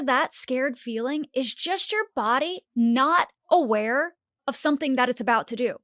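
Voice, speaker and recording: A woman's voice: high voice, moderate pace, dry recording, studio quality. A woman hosting a motivational podcast, talking animatedly and dropping in lots of "like" fillers. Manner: animated, acts out inner voices, frequent "like" fillers. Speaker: podcast host.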